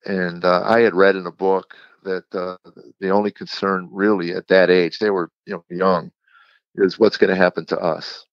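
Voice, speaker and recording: A man, a comedian guest on an interview show, telling a candid personal story in a halting, reflective way with frequent restarts. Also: deep voice, level tone, no echo. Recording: dull lo-fi sound.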